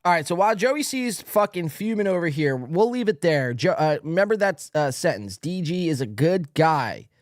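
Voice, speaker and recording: A man's voice: on the high side, big pitch swings, normal speed, few pauses, dry recording, soft background music. A man hosting a podcast, giving sarcastic, mocking commentary on video clips with lots of swearing. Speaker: podcast host.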